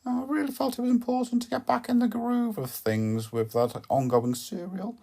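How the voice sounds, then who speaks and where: Rambling deadpan woman with gravelly fry. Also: a little high, moderate pace. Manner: deadpan, hesitant, full of ums and self-corrections. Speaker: podcast host. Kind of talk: rambling comic podcast monologue.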